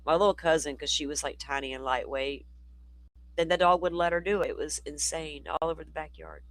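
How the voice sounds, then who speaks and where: A man's voice: on the high side, lively intonation, a little fast, a bit bright, no echo, low-quality recording. A man hosting a livestream, chatty and rambling, his voice worn from talking all day. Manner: chatty, rambling, talks to chat. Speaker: livestream host. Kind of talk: casual live commentary.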